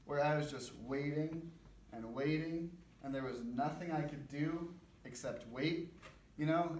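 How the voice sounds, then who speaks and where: A young man giving an informal, conversational sermon at a church men's breakfast, with a self-deprecating manner. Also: a little high. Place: church gathering room. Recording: roomy, distant mic, faint background noise.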